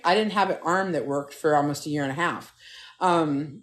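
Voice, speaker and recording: A woman's voice: low voice, normal speed. A middle-aged woman hosting a live stream from a phone at home, chatting casually and telling stories with lots of swearing, talking straight to her viewers. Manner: animated, profane, talks straight to viewers. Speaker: TikTok live host.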